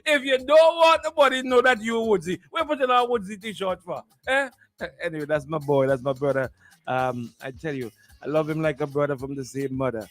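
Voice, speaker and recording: A man's voice: on the high side, fairly quick, a bit bright. A man, hosting a morning radio show and telling stories in a teasing way, repeating himself and laughing often. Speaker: radio host. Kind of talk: animated morning-show storytelling.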